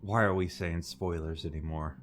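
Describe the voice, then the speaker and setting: A man's voice: low-pitched, fairly even intonation, moderate pace, a little hiss or hum. A man co-hosting a podcast in casual chat, reacting with playful interjections. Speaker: podcast co-host.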